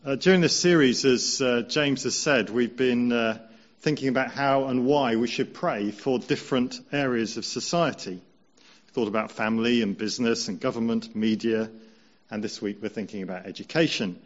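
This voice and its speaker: A man preaching a conversational sermon, slowing down to stress key points. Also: mid-range voice, highs cut off. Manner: measured, conversational, slows down for emphasis.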